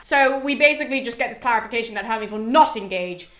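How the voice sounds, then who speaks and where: A woman's voice: on the high side, fast, a bit bright. Young woman, British accent, casual mythology host, swears, lots of "like", echoey room. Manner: chatty, swears freely, many "like" fillers. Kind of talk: casual retelling of a classic poem. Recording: roomy echo.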